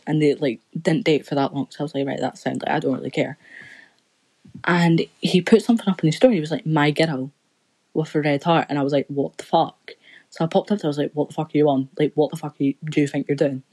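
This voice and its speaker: A woman's voice: low-pitched, fast talker, darkish tone, slightly rough, low-quality recording. A young woman rambling through a story in casual chat, swearing constantly as a podcast co-host.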